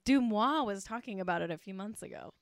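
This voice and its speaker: A woman hosting a casual podcast, ranting in a profane, excitable and mock-outraged way. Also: medium pitch, a little fast, dry recording, studio quality. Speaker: podcast host.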